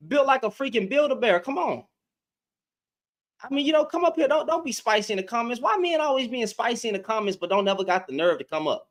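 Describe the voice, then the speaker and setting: Here the host's pitch is extremely high, with lively intonation and a fairly bright sound at a fairly quick clip. He's doing casual livestream commentary, talking straight to chat, taunting and repeating himself heavily.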